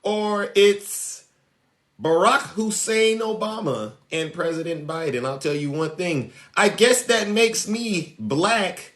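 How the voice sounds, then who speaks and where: A man's voice: high-pitched, animated, slow pace, a bit bright. A man giving a political monologue to his followers, emphatic and taunting, often tagging his points with a question. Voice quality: emphatic, repeats "all right?" as a tag. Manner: preachy, taunting. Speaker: social media commentator.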